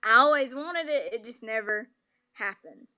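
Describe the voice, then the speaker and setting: A woman's voice: a little high, animated, moderate pace, sharp tone. A woman with a Southern accent, a polite guest explaining things patiently with frequent "um" fillers. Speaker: interview guest. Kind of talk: remote interview conversation.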